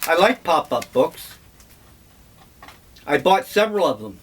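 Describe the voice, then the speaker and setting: Older guy rambling about old memories, slow talker, kinda high voice, wry. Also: sing-song, slightly rough. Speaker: vlogger. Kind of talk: casual reminiscing monologue.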